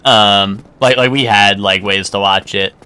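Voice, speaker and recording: A man's voice: on the low side, steady tone, a little slow, sharp tone, clean tone. A young man streaming live, chatting casually in a rambling way, full of filler words and restarts and casual swearing. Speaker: game streamer.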